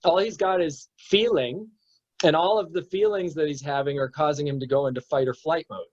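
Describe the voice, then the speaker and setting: A man's voice: fairly high pitch, steady tone, moderate pace. A man teaching in a casual spiritual discussion, talking emphatically and bluntly with swearing, and acting out little scenes, over a lo-fi internet stream. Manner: emphatic, profane, acts out examples. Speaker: meditation teacher. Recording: dull lo-fi audio.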